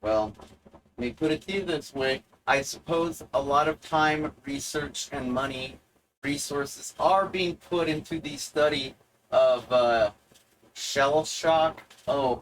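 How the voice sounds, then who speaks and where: A man delivering a provocative monologue to the viewer, sardonic and deliberate, halting often to find his words. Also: medium pitch, a little hiss or hum, low-quality recording. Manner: mock-lecturing, talks straight to the viewer. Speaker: video essayist.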